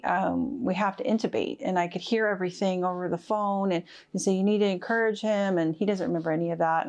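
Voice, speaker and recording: Middle-aged woman recounting, halting, lowish voice. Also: darkish tone. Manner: halting, many fillers and restarts. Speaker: interviewee, wife of a covid patient. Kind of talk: personal testimony.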